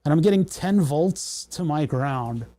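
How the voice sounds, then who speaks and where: Young guy on a livestream fixing a circuit, kinda high voice but mellow, mutters and cusses when stuff breaks. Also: animated, measured pace. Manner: muttering, troubleshooting aloud, swearing in frustration. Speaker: livestream host. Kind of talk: casual livestream electronics tinkering.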